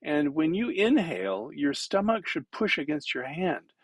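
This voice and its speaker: A man's voice: on the high side, sing-song, unhurried, slightly rough, no echo, low-quality recording. A man teaching public speaking in a conversational lecture, demonstrating as he goes and using many fillers. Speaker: instructor.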